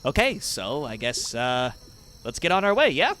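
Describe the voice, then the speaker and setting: A man voicing a steady, practical older brother who speaks calmly and matter-of-factly. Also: medium pitch, moderate pace, slight background noise.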